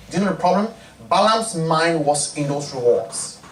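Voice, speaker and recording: A male preacher delivering a sermon with lively, story-driven delivery, slipping into the voices of his characters. He is caught from a distance in a roomy church hall. A faint background hum sits under his voice. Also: a little high, moderate pace. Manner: animated storytelling, acting out characters. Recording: echoey hall, distant mic.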